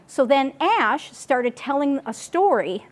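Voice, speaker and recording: A woman giving a casual, chatty report at a group meeting, animated and full of asides and restarts. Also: high-pitched, slow. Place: meeting room.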